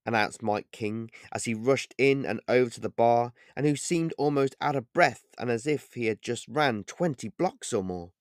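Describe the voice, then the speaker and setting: A man reading his own short story aloud in a steady, measured narration. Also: medium pitch, no room sound, clean studio sound.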